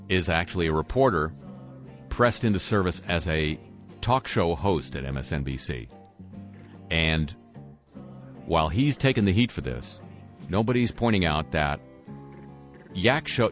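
A man hosting talk radio, reading news items with sarcastic, wry asides. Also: low-pitched. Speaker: radio host.

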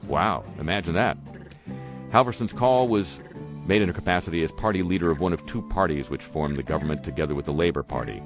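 A man hosts talk radio in a very low voice, reading out the week's news. He throws in dry, sarcastic asides along the way. Faint music plays underneath. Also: fast. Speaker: radio host.

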